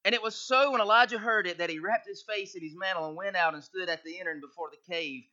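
High-voiced preacher, lo-fi recording. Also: male voice, fast talker, pushed and bright. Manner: preaching with rising intensity, reading scripture aloud. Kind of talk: sermon.

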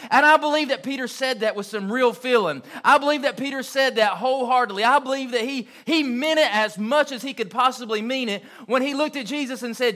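A man delivers an evening sermon in an earnest, emphatic style. His voice sits high and rings bright and forceful. He repeats key phrases to drive them home. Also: a little fast. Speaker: preacher.

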